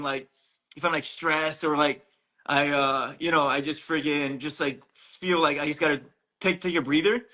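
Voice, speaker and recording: A man from Hawaii hosts a casual podcast chat in an easygoing, slang-filled style, tossing in "dude" and restarting his sentences often. His voice is bright and sits a little high for a man. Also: low-quality recording. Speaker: podcast host.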